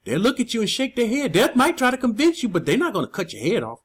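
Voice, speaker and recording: A man's voice: very high-pitched, wildly swooping pitch, fast, breathy edge. A man preaching to his online channel audience, emphatic and scolding, repeating his points.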